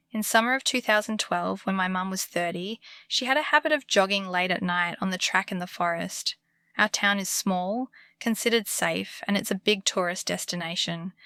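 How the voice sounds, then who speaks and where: A woman narrating true scary stories for bedtime in a calm, comforting scripted delivery. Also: on the low side, vocal fry, clean tone, no room sound, studio quality. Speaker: horror story narrator.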